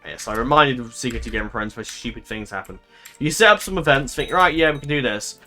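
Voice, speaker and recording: A man's voice: medium pitch, expressive, fast talker, pushed and bright, faint music behind. A man giving casual let's-play commentary, thinking aloud in a rambling way, swearing and laughing easily. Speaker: gaming commentator.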